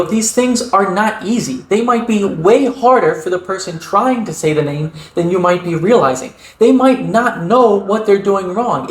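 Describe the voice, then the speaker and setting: A man's voice: high voice, slight background noise. A young man with an American accent explaining linguistics in an earnest, patient way. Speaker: linguistics video creator. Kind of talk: educational commentary. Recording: roomy echo.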